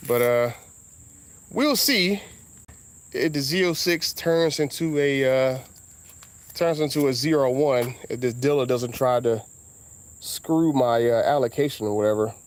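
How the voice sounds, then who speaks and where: A man's voice: a little mellow, no room sound. Laid-back Southern man rambling. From Southern United States. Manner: laid-back, drawn-out talk with sudden high exclamations. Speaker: car vlogger. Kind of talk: casual rambling monologue.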